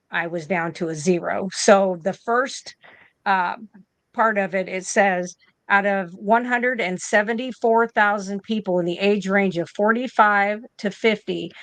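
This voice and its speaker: A woman's voice: mid-range voice, unhurried, no room sound. A woman in her fifties tells a personal story as a guest on an interview show, acting out what she and others said. Her voice sits in the middle range. The sound is dry and close. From United States. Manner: animated, acts out both sides of conversations. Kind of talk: casual storytelling.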